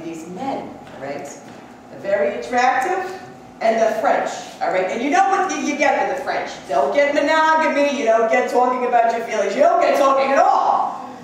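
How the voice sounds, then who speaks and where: A woman's voice: high-pitched, a little hiss or hum. A woman performing a giddy, gushing older retired accountant in a live one-woman stage comedy, laughing often and dropping into conspiratorial asides. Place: theater stage. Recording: echoey theater from a distant mic.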